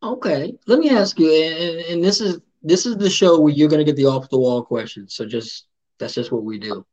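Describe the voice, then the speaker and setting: Playful joking male host, husky tone. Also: a little high, normal speed, a little mellow, dull audio. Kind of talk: casual interview chat.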